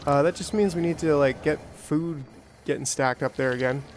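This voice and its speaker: Male streamer, slightly high voice, chatty self-talk with excited spikes. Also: moderate pace, a little hiss or hum. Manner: rambling, self-talking, jokey with bursts of excitement. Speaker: gameplay streamer. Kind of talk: casual let's-play commentary.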